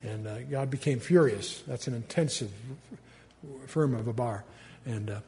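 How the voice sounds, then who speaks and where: An older man teaching the Bible in a relaxed, conversational way, reading verses aloud with rising force and then musing with fillers and asides. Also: medium pitch, moderate pace.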